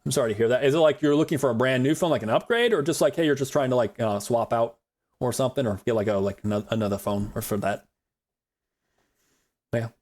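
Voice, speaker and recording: A man's voice: medium pitch, fast, darkish tone. A man streaming a survival game live, rambling on in casual commentary and laughing often, a self-described yapper. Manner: chatty rambler, calls himself a yapper.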